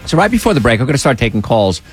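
A man hosts a call-in health radio show from a studio mic, speaking rapid-fire in a mid-range voice with faint music behind him. He's emphatic and animated, dropping in pleading asides.

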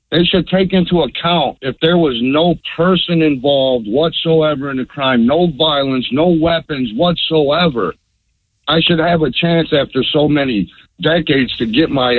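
A middle-aged man calling in to a radio show, earnest and halting, with many fillers. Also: a little high, no room sound. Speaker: radio caller. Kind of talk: call-in question. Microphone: telephone. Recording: tinny phone line.

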